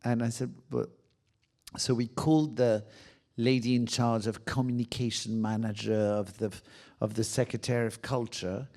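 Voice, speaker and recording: A man's voice: mid-range voice, moderate pace. A middle-aged man with a French accent, telling a personal story in a casual conversation and acting out the lines of the people in it. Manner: animated anecdote telling with acted-out quotes. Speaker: guest.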